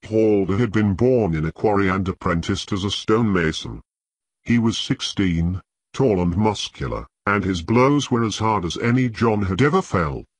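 A man reading an audiobook in measured, scripted narration with a husky voice. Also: fairly low pitch, expressive, dry recording.

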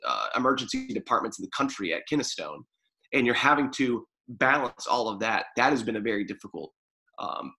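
A man's voice: mid-range voice, sharp tone, low-quality recording. A man chatting casually in an interview, rambling with fillers and restarts. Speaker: guest, former pro sports media staffer.

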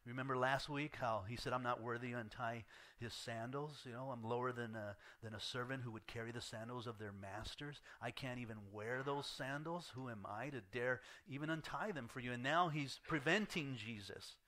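A man's voice: medium pitch, normal speed, pushed and bright. A man preaching a verse-by-verse sermon in conversational style, acting out quoted lines with a rising voice and dropping almost to a whisper at the end of a point. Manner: fillers and restarts, conversational preaching. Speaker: pastor. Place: church sanctuary.

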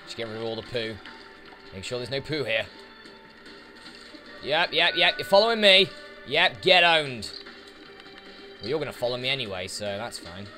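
A man's voice: mid-range voice, sing-song, normal speed, pauses often, pushed and bright. A man giving casual let's play commentary, chatting to the enemies on screen as he plays, with game music behind him. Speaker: gaming YouTuber.

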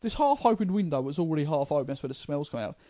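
A man, co-hosting a comedy podcast and telling crude stories with swearing in an animated way. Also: on the high side, racing, dry recording, studio quality. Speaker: comedian co-host. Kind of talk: casual comedy podcast chat.

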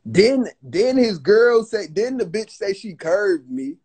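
A young man calls into a livestream by phone on a live video call as a guest, telling a heated story. Agitated and profane, he keeps stumbling into restarts. His high, husky voice has a darkish tone, big pitch swings, and a slow pace.

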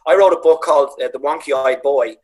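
A Dublin man on a video call, telling lively anecdotes about his late father, acting out voices and swearing freely. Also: fairly high pitch, quick pace, rough recording. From Ireland. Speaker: comedian guest. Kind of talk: casual storytelling on a video call.

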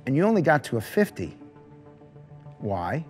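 A man's voice: medium pitch, big pitch swings, moderate pace, darkish tone, soft background music. A man moderating a voter focus group, asking blunt probing questions.

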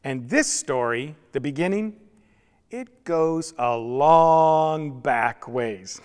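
A man's voice: fairly high pitch, expressive, slow. A male pastor giving a sermon, telling the story with humor and acting out voices. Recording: long reverb in a church hall.

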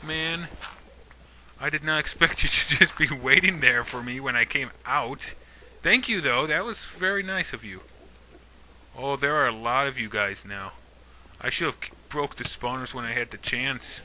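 Gaming YouTuber, male, bright and sharp tone, playful mock threats at mobs. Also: medium pitch, a little slow, a little hiss or hum. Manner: talks to game mobs, mock-menacing and jokey. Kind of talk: casual let's-play commentary.

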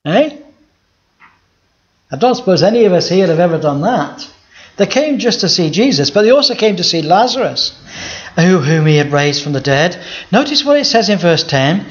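Pastor preaching, lo-fi recording. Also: male voice, high-pitched, very animated, moderate pace. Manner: conversational preaching with rhetorical questions to the audience. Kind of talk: sermon. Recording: dull lo-fi sound.

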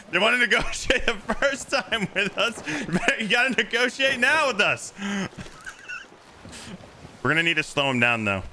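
Animated, theatrical gamer man. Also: sits high, unhurried, pauses often, noisy background. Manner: theatrical, loud, laughing, playfully bossy. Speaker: streamer playing a pirate game. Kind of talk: excited gameplay chatter.

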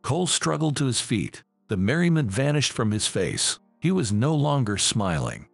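A man narrating a scripted story in an even reading manner. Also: medium pitch, normal speed, gravelly, no echo, faint music behind.

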